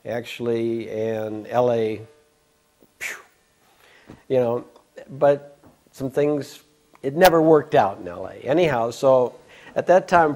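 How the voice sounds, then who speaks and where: An older man casually recounting a personal memory, rambling with frequent restarts, stammers and soft laughs. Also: medium pitch. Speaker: devotee recalling memories. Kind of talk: casual storytelling.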